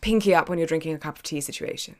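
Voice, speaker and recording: A woman with a London English accent, chatting casually as a guest on a live stream, animated and joking. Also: low-pitched, very fast. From England. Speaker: voice actor guest.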